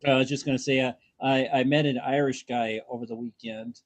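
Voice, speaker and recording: A man hosting a casual podcast chat, talking in halting bursts with frequent restarts and the odd curse. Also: mid-range voice, very animated, creaky, slight background noise. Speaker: podcast host.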